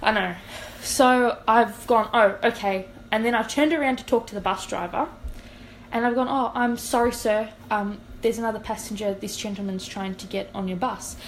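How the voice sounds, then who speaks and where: A woman's voice: a little high, moderate pace, a little hiss or hum, poor audio. A young woman, a podcast co-host telling a long story in casual chat and acting out what people said. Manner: animated, acts out quoted dialogue.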